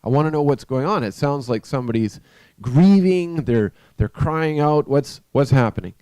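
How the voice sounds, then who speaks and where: A curious young man presses eagerly for answers, as a storyteller puts him on. The voice is mellow and dark, and it sounds dry and close. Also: medium pitch, animated, normal speed, smooth, no room sound, natural voice. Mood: insistent.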